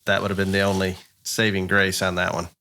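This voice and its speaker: A man's voice: low-pitched, monotone, fairly quick, pushed and bright. A man co-hosting a podcast in casual chat, reacting with laughs and then musing aloud at some length. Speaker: podcast co-host.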